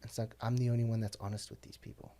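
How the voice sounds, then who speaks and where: A man's voice: on the low side, little pitch movement, very fast, mellow. A man talking as a podcast guest, telling blunt, profane stories in casual conversation. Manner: blunt, profane, heated storytelling.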